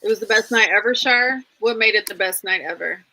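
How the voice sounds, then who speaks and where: A chatty woman co-hosts a relaxed livestream. She laughs often and greets viewers by name in a casual, easygoing way. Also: mid-range voice, brisk, low-quality recording. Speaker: livestream co-host.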